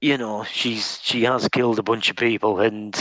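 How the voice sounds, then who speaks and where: A man's voice: on the low side, steady tone, normal speed, fairly bright tone, no echo, poor audio. A man co-hosting a podcast, chatting casually and thinking aloud with many fillers and restarts. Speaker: podcast co-host. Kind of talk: casual chat.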